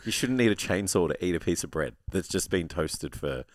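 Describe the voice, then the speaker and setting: A man's voice: deep voice, animated, a little fast, dry recording, studio quality. A man co-hosting a podcast in casual chat, blunt and opinionated, teasing his friend. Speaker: podcast co-host.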